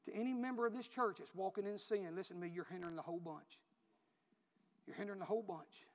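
A man preaching a sermon, repeating phrases in a rhythmic build that rises to shouts. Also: high voice, quick pace. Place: church. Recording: reverberant hall, dull lo-fi.

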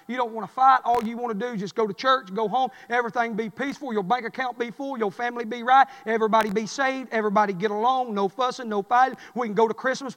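A preacher with a strikingly high voice delivers a folksy, story-driven sermon. He rises to loud cries, then drops to hushed murmurs. A long hall reverb trails every word.

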